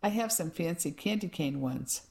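A woman's voice: fairly low pitch, lively intonation, normal speed, vocal fry, a little mellow. Woman doing an eager tattooed pawn-shop salesman.

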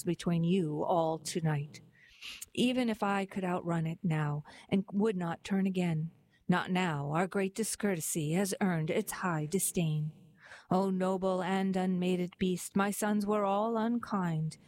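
A woman's voice: on the low side, steady tone, unhurried, a little mellow, close to an everyday voice. A woman voicing a stern old patriarch in a poem, lamenting solemnly.

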